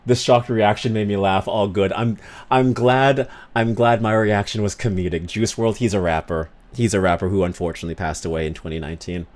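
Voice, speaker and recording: Animated male streamer reacting to chat. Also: on the low side, a little fast. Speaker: streamer and voice actor. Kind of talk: casual live-stream chat.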